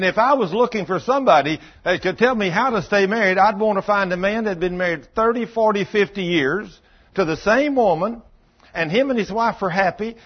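A man's voice: sits high, slightly rough, dull audio. A man preaching a sermon in a folksy storytelling way, acting out both sides of past conversations. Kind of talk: sermon with acted-out dialogue.

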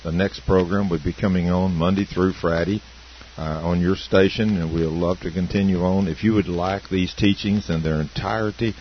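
A man with a very deep voice closes the program and reads out contact details in a steady, measured way. The audio is dull, with a soft hiss. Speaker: program host. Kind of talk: broadcast sign-off announcement.

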